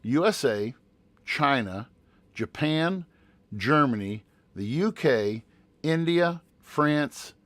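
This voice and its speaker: A man's voice: on the high side, animated, takes it slowly, a bit bright, no echo. A man co-hosting a casual podcast who works as a teacher, rambling and restarting as he reads out numbers. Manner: rambling, with many restarts while reading out figures.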